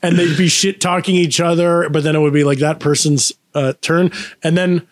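A man's voice: a little high, steady tone, normal speed, dry recording, studio quality. A man in casual podcast chat, telling rambling anecdotes and quoting people in put-on voices. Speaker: podcast co-host.

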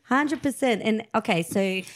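A woman's voice: a little high, unhurried. A woman guest-hosting a podcast, chatting casually and laughing along. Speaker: guest host. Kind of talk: casual chat.

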